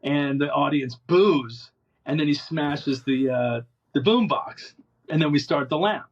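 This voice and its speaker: A male musician telling animated anecdotes in an interview, rambling with many restarts. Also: on the high side, measured pace, husky, muffled recording. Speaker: interview guest, musician and producer. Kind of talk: casual storytelling in an interview.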